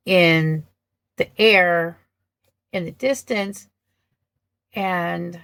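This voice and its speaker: A vlogger with a lowish, gravelly voice gives casual film commentary, slowly and thoughtfully comparing different versions of a film. She hesitates often, with many ums and restarts, and the recording is dry with no echo.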